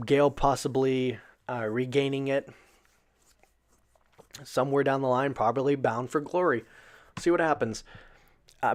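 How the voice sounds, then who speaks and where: Rambling, profane man recapping wrestling. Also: mid-range voice. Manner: loose and profane, many fillers, bursts of excited disbelief. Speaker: wrestling show reviewer. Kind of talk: casual recap commentary.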